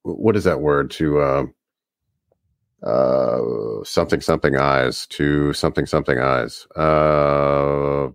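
A man from the Northeastern US co-hosting a podcast in casual chat, telling rambling, animated stories. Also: rumbling low, takes it slowly, clean tone, no room sound, clean studio sound. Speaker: podcast co-host.

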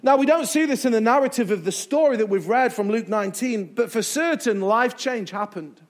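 A man preaching as a pastor in a church, emphatic, with dramatic pauses and repetition. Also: extremely high pitch. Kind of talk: sermon. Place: church sanctuary.

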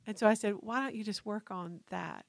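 A woman's voice: medium pitch, fairly quick, creaky, dry recording. A woman co-hosting a faith podcast, reflecting earnestly on scripture and telling a story about a friend. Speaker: podcast co-host.

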